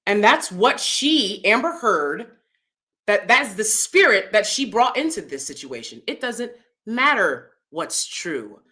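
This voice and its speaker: A woman hosting her own channel, talking in a casual, animated way, often checking in with "right?" and jumping into high mocking voices. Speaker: commentary channel host. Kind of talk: casual opinion commentary.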